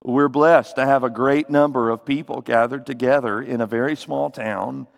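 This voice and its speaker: Southern preacher in a reverberant hall. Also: male voice, medium pitch, normal speed, creaky. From Tennessee. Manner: folksy, animated storytelling. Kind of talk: sermon.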